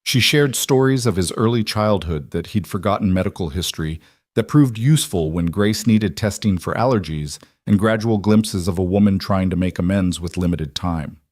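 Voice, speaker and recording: A man narrating a scripted family story in an even, unhurried way. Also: deep voice, no room sound, studio quality.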